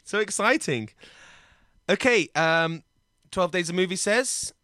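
A man's voice: high-pitched, lively intonation, slow, sharp tone, no echo, clean studio sound. A man hosting an improv comedy podcast, brash and playful in his banter. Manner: brash, playful, puts on silly voices. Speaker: podcast host.

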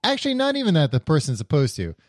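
A man's voice: a little high, wildly swooping pitch, quick pace, dry recording, studio quality. A man co-hosting a pop culture podcast, explaining things in a rambling way with many fillers. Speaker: podcast co-host. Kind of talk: casual chat.

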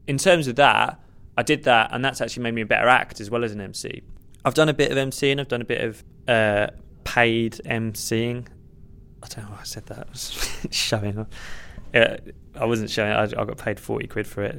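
A man's voice: medium pitch, steady tone, a little fast, gravelly, fairly bright tone, clear, resonant tone. A man, a stand-up comedian, giving candid, self-deprecating and rambling answers in a podcast interview.

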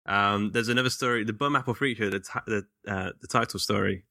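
Bright, dry-voiced podcast host. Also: male voice, fairly low pitch, fairly even intonation, a little fast, vocal fry, no echo. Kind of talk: casual podcast chat.

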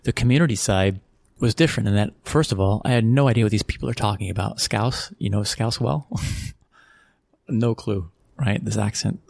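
Middle-aged American man from Texas, interview guest, lowish gravelly voice, dry close sound, easygoing and chatty. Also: moderate pace, darkish tone, dry recording. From Texas, USA. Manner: conversational, repeats phrases, chuckles often. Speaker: guest, sports executive. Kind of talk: relaxed interview storytelling.

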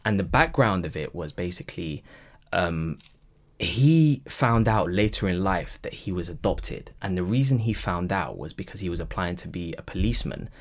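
A man's voice: sits low, normal speed. A man, a cab driver guest on a podcast, telling stories in casual chat and acting out the dialogue. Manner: lively storyteller who acts out dialogue in quoted voices.

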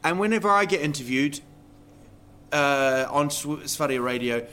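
Slightly high and lively in intonation, this man's voice sounds pushed and bright at a normal pace. He's a comedian and podcast host trading jokey banter with a guest in a casual interview, frequently putting on voices as he tells stories.

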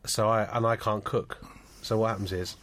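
A man's voice: fairly low pitch, steady tone, moderate pace, a bit bright. Dry, self-mocking male scriptwriter. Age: middle-aged. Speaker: scriptwriter, podcast guest. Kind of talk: casual chat.

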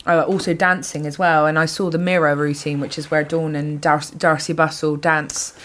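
A woman in her thirties with a Bristol accent, a comedian chatting casually and telling lively, sweary anecdotes with frequent laughs. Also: low voice, normal speed. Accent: Bristol English. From England, Bristol. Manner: animated anecdotes, swears freely, laughs often. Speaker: comedian guest. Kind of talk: casual podcast chat, storytelling.

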